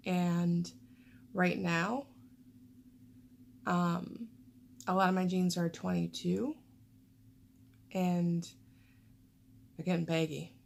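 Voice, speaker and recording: Rambling gravelly-voiced woman vlogger. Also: lowish voice, flat delivery, drawn-out words, pauses often. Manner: rambling, chatty, frequent fillers. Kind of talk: casual chat to camera.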